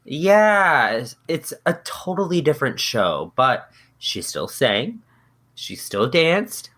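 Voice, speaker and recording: Slow, playful woman co-host. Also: low voice, big pitch swings, fairly bright tone. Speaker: podcast co-host. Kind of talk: casual chat.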